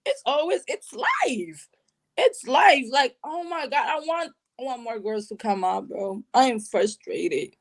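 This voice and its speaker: A woman from Burundi telling her personal story in an interview, emotional and animated, with casual slang. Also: high voice, unhurried. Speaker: guest sharing personal story.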